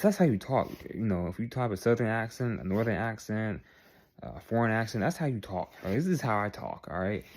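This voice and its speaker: A young adult man with a fairly low pitch and darkish tone vlogs straight to the camera. His monologue is earnest and repetitive, and he caps his points with "all right?"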